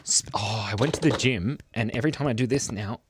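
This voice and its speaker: A man's voice: medium pitch, fairly quick, background noise. A middle-aged man hosting a drawing livestream, rambling and joking goofily with his chat in casual talk. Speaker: livestream art host.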